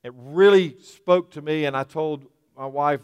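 A man's voice: on the high side, measured pace, clean tone, muffled recording. A man preaching a sermon as pastor, earnest and emphatic, often repeating and restarting phrases. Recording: long hall reverb.

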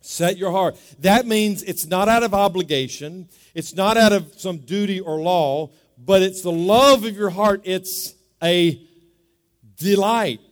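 A man preaching a sermon as pastor, talking in a conversational way, repeating words and asking the congregation to say them back. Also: sits high. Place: church sanctuary. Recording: long reverb of a large hall.

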